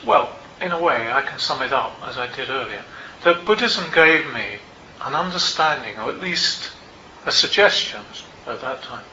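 An older man, a meditation teacher, tells a personal story to a group in a Buddhist centre, in a reflective and unhurried way with small asides. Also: mid-range voice, lively intonation, bright, forceful tone, slight background noise. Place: Buddhist centre meeting room. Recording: roomy, slightly dull hall recording.

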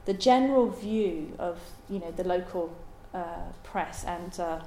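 Halting woman giving a dharma talk. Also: on the low side, mellow, a little hiss or hum. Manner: halting, thoughtful, many ums. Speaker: Buddhist dharma teacher. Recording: roomy echo.

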